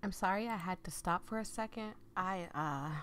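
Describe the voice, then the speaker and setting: Hoarse woman chatting over a game. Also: on the low side, moderate pace, a bit bright. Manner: chatty, self-deprecating. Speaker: gaming video creator. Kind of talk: casual game commentary.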